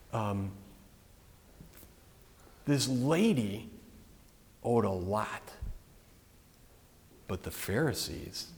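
This preacher has a slightly high, darkish voice. His sermon feels like a conversation, with frequent restarts, asides and questions to the congregation, and it echoes with the long reverb of a large hall.

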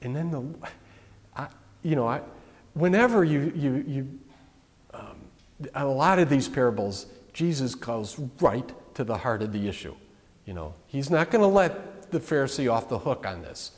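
Male preacher, middle pitch, casual sermon delivery that stops and restarts, echoing sanctuary sound. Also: moderate pace. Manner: conversational, lively, with frequent restarts and asides. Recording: long reverb of a large hall.

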